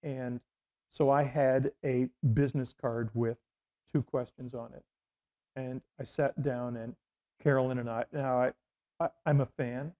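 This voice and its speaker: A man's voice: medium pitch, steady tone, measured pace, dark tone, muffled recording. A middle-aged man from Canada, a former radio host, telling rambling anecdotes in an interview with many restarts and fillers. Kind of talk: casual interview storytelling.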